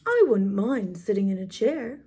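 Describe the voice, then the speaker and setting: A woman's voice: medium pitch, sing-song, measured pace, warm tone, slightly rough, heavily acted. A woman voicing a reluctant frog in a picture book, asking one pleading question after another.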